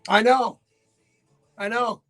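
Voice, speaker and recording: A man with a Newfoundland accent hosting a live radio show, hoarse and raspy from laryngitis, chatting casually and greeting viewers by name. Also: extremely high pitch, fairly even intonation, takes it slowly, sharp tone, faint music behind. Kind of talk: casual live-stream chat. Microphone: webcam setup for live video.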